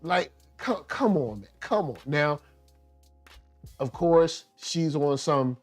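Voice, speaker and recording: A man hosting a casual review show, talking in animated slang and acting out characters in quick asides. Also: fairly high pitch, faint music behind. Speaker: show host reviewing a TV series.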